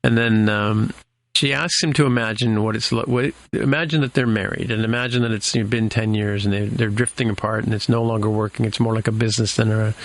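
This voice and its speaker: A man's voice: on the low side, steady tone, brisk, vocal fry. A man hosting a podcast, recapping a TV episode in a loose, rambling way with lots of fillers and restarts. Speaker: podcast host.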